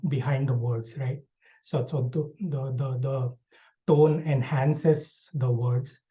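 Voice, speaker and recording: A man's voice: medium pitch, dark tone. Hesitant man giving a speech evaluation. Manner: hesitant, many fillers and restarts. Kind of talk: online club speech evaluation. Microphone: video call. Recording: dull lo-fi video call audio.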